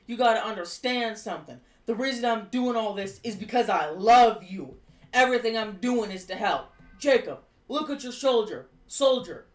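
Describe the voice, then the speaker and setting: A boastful, scheming wrestling faction boss, as a streamer puts him on in a recap. The impression stays close to an everyday voice at a middling pitch. A roomy echo hangs around the voice. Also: lively intonation, moderate pace, natural voice. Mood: coaxing.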